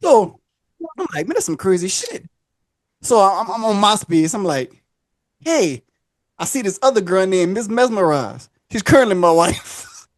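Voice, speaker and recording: A man's voice: high voice, very animated, measured pace, dry recording. A man telling a long story casually on a podcast, acting out the voices and laughing often.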